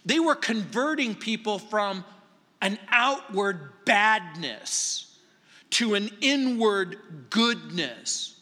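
A man preaches in a high, sharp and forceful voice, talking to his congregation in a conversational way. He drops to quiet asides and then presses hard on key words. His voice rings with a long reverb from the church hall. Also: expressive, extremely slow. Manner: conversational and emphatic, swinging between quiet asides and raised stresses. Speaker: pastor. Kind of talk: verse-by-verse sermon. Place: church sanctuary.

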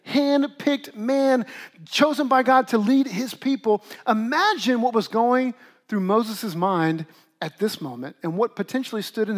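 A middle-aged man, a pastor, preaching a conversational sermon with lively asides to the congregation. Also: high voice.

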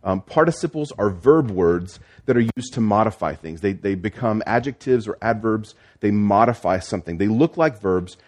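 Lower-voiced male pastor explaining scripture. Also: expressive, moderate pace, hardly any pauses, a little mellow. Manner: teaching, explanatory, with frequent restarts. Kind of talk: sermon.

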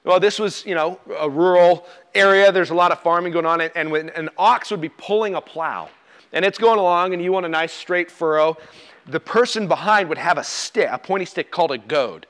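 A high-voiced male pastor preaches a sermon at a fairly quick pace. His delivery is relaxed and plain-spoken, sprinkled with humor, and he frequently puts direct questions to his listeners.

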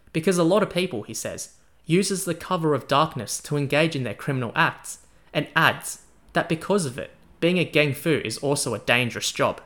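A man's voice: on the high side, a bit bright. A man hosting a history podcast, telling a first-person story in a chatty, casual way. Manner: chatty, casual, uses slang. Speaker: podcast host.

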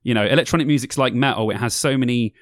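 A young man with a mid-range voice races through casual podcast talk about festival bands, rambling and dropping plenty of ums while explaining music styles. He's a co-host, recorded dry in studio quality.

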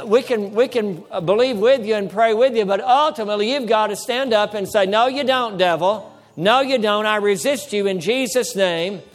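High-voiced pastor preaching emphatically. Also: male voice. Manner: emphatic, repeats phrases, acts out dialogue with the devil. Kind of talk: sermon.

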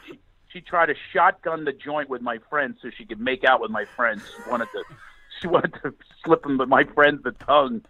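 A man's voice: mid-range voice, normal speed, dull audio. A middle-aged man from Philadelphia, a comedian telling funny stories in a chat and acting out the voices in them. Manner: animated, laughs often, acts out voices in his stories. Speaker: comedian guest.

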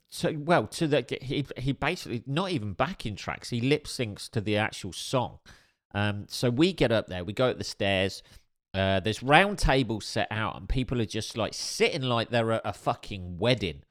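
Brief: man, low voice, unhurried rambling anecdote, dry wit. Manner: rambling, hesitant, many fillers and restarts; dry, wry humor. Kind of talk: casual storytelling chat.

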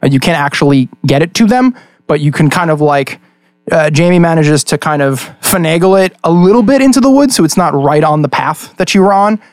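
A young man running a tabletop game as game master, casual and animated, with many fillers. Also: a little high, fairly quick, dry recording, studio quality, faint music behind.

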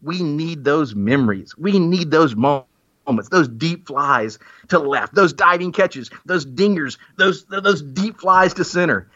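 Guy hamming up a goofy pitch, bright kinda high voice, muffled lo-fi sound. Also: expressive, unhurried. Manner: theatrical, hammy, self-mocking. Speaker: guest making a comic pitch. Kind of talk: playful mock-persuasive monologue. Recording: muffled lo-fi recording.

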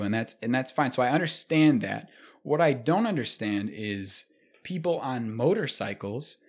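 A young man telling a comedic story and ranting, profane and animated, often laughing. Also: mid-range voice, slightly rough.

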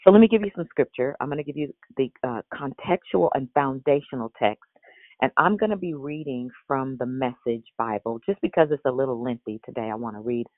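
A woman's voice: rumbling low, a little fast, dry recording. An older woman hosting a live devotional, teaching expressively with lots of vocal inflection. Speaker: devotional host. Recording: tinny phone-like line.

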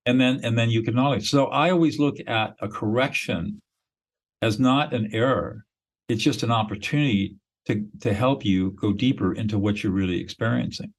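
A man's voice: mid-range voice, moderate pace, low-quality recording. A man, a mediator and podcast guest, explaining his method in a blunt, emphatic, instructional way.

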